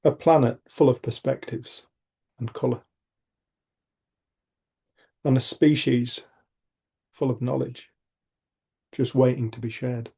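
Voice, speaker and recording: A middle-aged man with a gravelly, husky voice hosts a community talk. His tone is mellow and low-key. He tells his stories in a frank, rambling way, restarting often and swearing without a second thought. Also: fairly even intonation, slow pace, long pauses. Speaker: community group host. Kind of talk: reflective personal storytelling.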